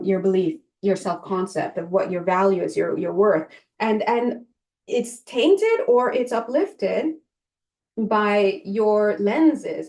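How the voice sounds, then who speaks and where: A woman giving a casual spiritual talk as a teacher, animated, acting out little quoted voices and laughing often. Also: fairly high pitch. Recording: echoey room.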